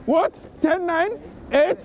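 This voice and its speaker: A young man with a London accent, hosting a street prank video, loud and pushy with slang-heavy party hype, recorded outdoors on a city street. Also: very high voice, takes it slowly. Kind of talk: hyped street prank banter. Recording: dull lo-fi street recording, faint traffic.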